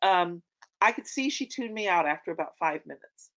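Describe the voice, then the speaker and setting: A woman's voice: on the low side, lively intonation, normal speed, fairly bright tone. Chatty middle-aged woman telling stories. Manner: chatty anecdotal storytelling with many ums. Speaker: opera singer guest. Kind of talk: casual conversation. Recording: dull lo-fi audio.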